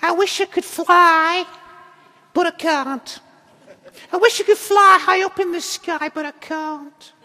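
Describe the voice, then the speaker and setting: A man's voice: very high-pitched, pushed and bright, voice pushed up, exaggerated voice. A man doing a mopey little northern puppet bird. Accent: Northern English. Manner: whiny, drawn-out lament. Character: sad little male puppet bird, mopey and self-pitying. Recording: echoey hall reverb.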